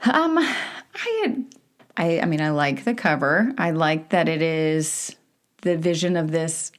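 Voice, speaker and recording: A Southern American woman co-hosting a casual book club podcast, chatty and quick to laugh. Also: deep voice, animated. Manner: laughs often, easy and chatty. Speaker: podcast co-host.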